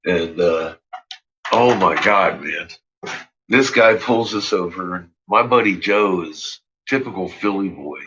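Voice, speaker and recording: A man's voice: deep voice, bright, forceful tone, breathy edge. A man telling a story in a casual, profane way, swearing freely and trailing off with fillers. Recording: dull lo-fi recording.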